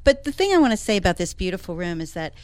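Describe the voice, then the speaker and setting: This woman, an interior designer and regular guest on a talk show, chats casually and eagerly in a relaxed radio style, laughing often. Her lowish voice is very animated and slightly mellow, and she talks at a racing pace. The recording is dry.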